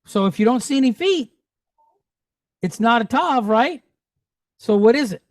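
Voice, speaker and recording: Slow, patient man teaching. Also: very high voice, animated, dry recording. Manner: patient, checks understanding often; drills pronunciation aloud. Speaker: Hebrew teacher. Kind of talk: classroom teaching.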